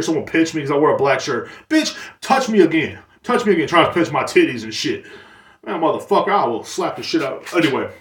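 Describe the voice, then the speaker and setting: A man hosting a casual monologue podcast, rambling and boasting, crude and full of fillers. His voice sits at an everyday middle pitch. It sounds echoey, picked up from a distance by the mic. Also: fairly bright tone. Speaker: podcast host.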